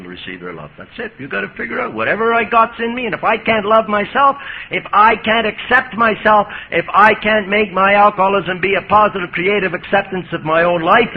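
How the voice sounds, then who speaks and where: A male priest giving a lively, folksy talk on recovery to an audience, recorded on an old 1980s tape. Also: high-pitched. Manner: lively, folksy, jokey storyteller. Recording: muffled 1980s tape with hiss.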